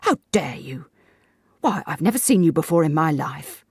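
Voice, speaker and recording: A woman voicing a calm, firm, sharp-tongued old lady. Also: low-pitched, moderate pace, husky, dry recording, studio quality, heavily acted.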